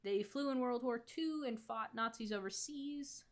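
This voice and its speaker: A woman co-hosting a casual podcast, chatty and quick to laugh, thinking aloud as she browses. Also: on the high side. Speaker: podcast co-host.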